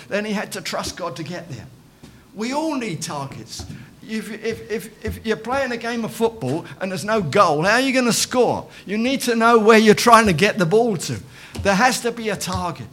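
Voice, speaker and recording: High-voiced man preaching a sermon. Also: lively intonation, moderate pace, a bit bright. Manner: emphatic, repeats phrases, calls out amen. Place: church.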